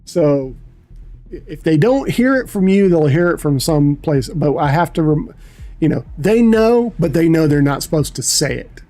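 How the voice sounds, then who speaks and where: A man's voice: a little high, lively intonation, moderate pace, warm tone, soft background music. A middle-aged man chatting casually on a livestream, telling rambling, profane stories. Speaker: livestream host. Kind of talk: casual chat.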